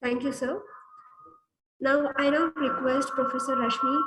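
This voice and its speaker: A woman's voice: high voice, fairly even intonation, unhurried, far from the mic, highs cut off, very noisy. A woman moderating a webinar, politely announcing questions and speakers.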